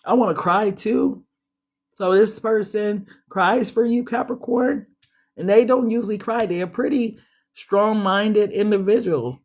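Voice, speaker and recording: A woman giving a casual tarot reading, chatty and slangy, speaking straight to her listeners and sounding a bit stuffy. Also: mid-range voice. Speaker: tarot reader.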